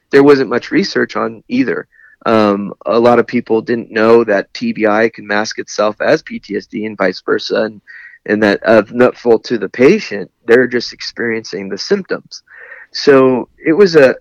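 A man with a low voice tells a personal story in a candid, wry way. The sound is dry and a little dull. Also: vocal fry, no echo. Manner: candid, wry, laughs at his own anger. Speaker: guest, Navy veteran. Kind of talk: conversational storytelling.

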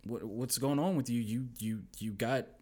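A young man telling stories as a podcast guest, lively and quoting people in put-on voices. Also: mid-range voice, normal speed. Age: young adult. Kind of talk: casual storytelling chat.

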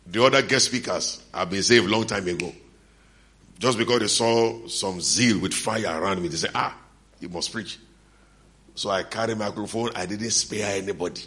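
A middle-aged pastor delivers a sermon in a man's voice that sits somewhat low and has a slight brightness. He tells stories, acts out what the people in them say, and laughs between lines.

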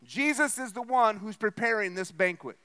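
Male pastor, high bright voice, sermon to a congregation, keeps checking they follow. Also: moderate pace, clean tone. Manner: explains with repeated "okay?" and "right?" checks; acts out the host's lines with a raised voice. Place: church.

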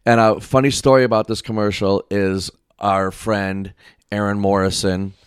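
A man's voice: fairly low pitch, level tone, normal speed, clean tone, no room sound, clean studio sound. A man co-hosting a podcast in casual chat, bantering with frequent laughs and restarts. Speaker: podcast co-host.

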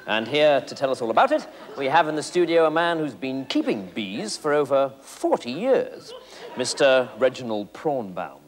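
Prim fussy man, lively sing-song pitch, live stage comedy, long hall reverb, audible noise. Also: normal speed. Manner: prim, fussy, nervous tics of shushing and quacking. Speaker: comic sketch interviewer.

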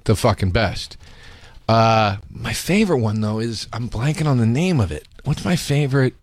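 A man chatting casually as a podcast host, spinning loose stories full of swearing. He jumps into other people's voices when he quotes them. His voice sits at an ordinary pitch, recorded close and dry. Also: moderate pace, no room sound. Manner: swearing, storytelling, animated quoting. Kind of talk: casual chat.

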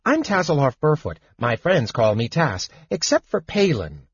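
A man voicing a small, excitable old male kender, eager and breathless, in a squeaky high voice. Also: normal speed, slightly rough, no echo, highs cut off, exaggerated voice. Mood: proud chatty.

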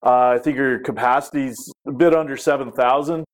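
A man hosting a podcast interview, asking questions in a relaxed, conversational way with plenty of fillers. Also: mid-range voice, brisk. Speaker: podcast host.

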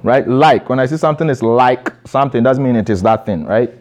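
A man's voice: mid-range voice, brisk, darkish tone. A man preaching a sermon to a congregation in a church, asking rhetorical questions and calling for responses.

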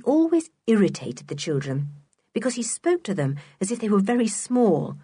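A woman narrating a children's storybook in an expressive, clear reading voice. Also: mid-range voice, normal speed, no echo, clean studio sound. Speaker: audiobook narrator.

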